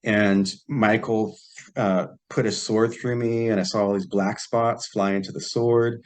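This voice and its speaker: A man, a podcast guest, telling a personal story in a relaxed way and acting out the quoted dialogue. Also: on the low side, a little slow. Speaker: podcast guest, psychic healer. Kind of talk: casual storytelling.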